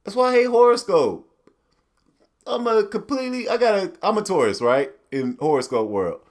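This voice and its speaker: A man hosting a podcast, ranting casually in a profane, animated way and slipping into mock quotes. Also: high-pitched, moderate pace. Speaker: podcast host. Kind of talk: solo ranting commentary.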